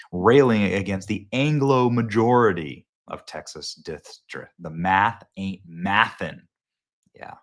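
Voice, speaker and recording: A man's voice: deep voice, fairly bright tone. A male host giving sarcastic, mocking political commentary in a casual style.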